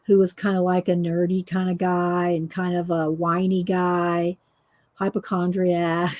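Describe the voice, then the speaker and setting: A woman's voice: fairly low pitch, little pitch movement, measured pace, darkish tone. A middle-aged woman, hosting a casual coloring livestream, chatty and laughing often as she greets viewers. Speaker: livestream host demonstrating coloring.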